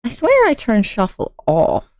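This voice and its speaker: A woman's voice: a little high, wildly swooping pitch, a little slow, darkish tone, no echo. A woman streaming a game, chatting casually with a friend and her viewers in a rambling, giggly way. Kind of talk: casual gaming stream chat.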